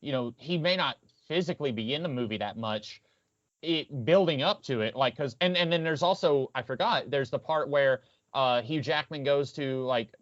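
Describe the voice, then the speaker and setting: A man's voice: medium pitch, normal speed, fairly bright tone, no echo. A man co-hosting a podcast, chatting casually about a film and rambling with restarts as he plays it by ear. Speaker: podcast co-host. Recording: dull lo-fi dry sound.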